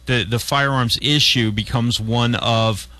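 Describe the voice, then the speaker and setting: A man's voice: mid-range voice, steady tone, measured pace, bright, forceful tone, no echo. A man hosting a talk radio show, chatting casually and rambling with frequent restarts. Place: radio studio.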